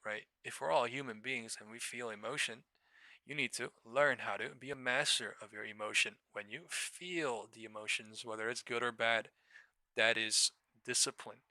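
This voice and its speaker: Bright, crisp-voiced man swearing on stream. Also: medium pitch, fairly even intonation, moderate pace, no echo. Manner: profane, laughs often, rambling. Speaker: live trading streamer. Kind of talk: casual live-stream chat.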